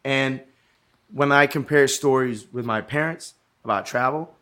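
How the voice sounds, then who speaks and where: A man's voice: medium pitch, unhurried, fairly bright tone. Rambling man, casual chat. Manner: rambling, swears, restarts often. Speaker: guest.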